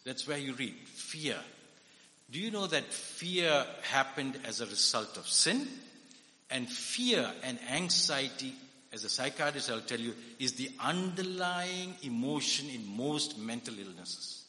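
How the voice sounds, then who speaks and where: A man's voice: mid-range voice, very animated, a little slow, pushed and bright. A man preaching a conversational sermon, often putting questions to his listeners. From India. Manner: conversational, asks the audience questions. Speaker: preacher and psychiatrist. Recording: echoey hall.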